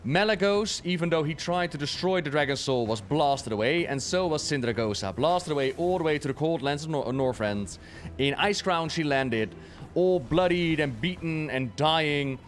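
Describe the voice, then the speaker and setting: A man's voice: a little high, fairly bright tone. Chatty man riffing on game lore. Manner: chatty, joking, swears casually. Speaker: game streamer. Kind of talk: casual lore commentary while playing.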